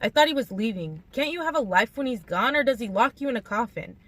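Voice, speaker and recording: A woman's voice: a little high, animated, fast, fairly bright tone, no echo. A woman voicing a blunt, resentful young man in an audiobook reading, with a scoffing, cutting manner. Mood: bitter.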